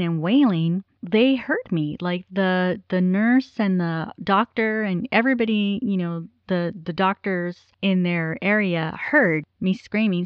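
A woman's voice: medium pitch, dry recording, highs cut off. A woman in her forties telling a personal story in a candid, rambling way, with many fillers. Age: 40s.

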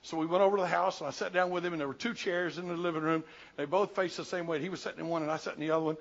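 A man in his sixties from the Southern United States, a pastor preaching a sermon, swinging from loud bursts to hushed, slow asides. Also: fairly high pitch, fairly even intonation, creaky. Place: church sanctuary. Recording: dull lo-fi church recording.

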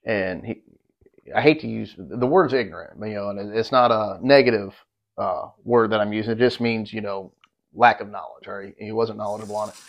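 On dull, lo-fi podcast audio, a co-host with a lowish, gravelly voice talks fairly quickly through a long hunting tale. He rambles and swears casually, and gets heated when quoting other people.

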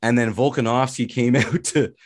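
Animated, swearing man ranting about fights. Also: mid-range voice, normal speed, dry recording, studio quality. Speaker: podcast co-host. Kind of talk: casual sports chat.

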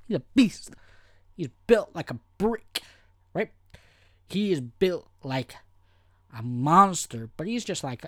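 A man hosting a casual podcast, rambling and swearing freely as he mimics people in quick asides. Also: fairly high pitch, very animated, fairly bright tone, no room sound. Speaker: podcast host. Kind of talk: casual wrestling review podcast.

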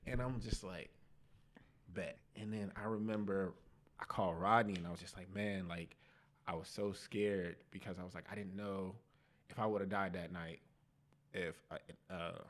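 A young man on a podcast, telling his life testimony in casual slang, animated and laughing at himself. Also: sits low, moderate pace. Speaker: podcast guest.

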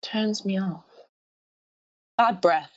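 A woman's voice: medium pitch, drawn-out words, no echo, dull audio. A young woman from Scotland with a mild lisp, chatting as a pageant contestant in a casual interview and often restarting her sentences. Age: young adult. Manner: chatty, giggly, lots of restarts.

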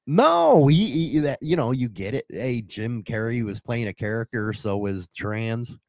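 A man's voice: mid-range voice, very animated, measured pace, no room sound. A man hosting a shock-jock radio show, brash and provocative, joking through banter with his co-host.

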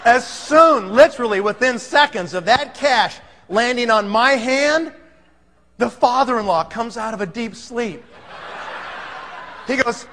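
High-voiced man telling a story in a hall. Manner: animated, acts out the scene. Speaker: speaker telling a sales story. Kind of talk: storytelling talk to an audience. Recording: long hall reverb.

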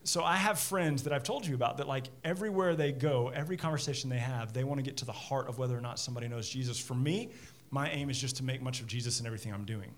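A man's voice: medium pitch, fast, a little hiss or hum. A middle-aged man preaching a sermon as pastor, chatty and self-deprecating, often repeating words as he starts a sentence. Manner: animated.

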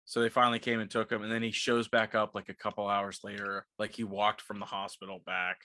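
Bright, dry-voiced man swearing through stories. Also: fairly low pitch, level tone, a little fast, no room sound. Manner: rambling, swears a lot, laughs while telling stories. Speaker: podcast co-host. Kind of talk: casual chat.

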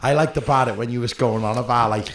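A man with a Liverpool accent, a podcast guest, telling animated anecdotes and calling people "lad". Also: medium pitch, fast talker. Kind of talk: casual podcast chat.

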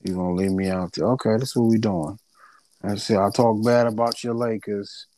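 A man's voice: lowish voice, fairly even intonation, a little fast, dark tone. A man co-hosting a casual sports talk show, playful and teasing, trailing off while he looks things up. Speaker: podcast co-host.

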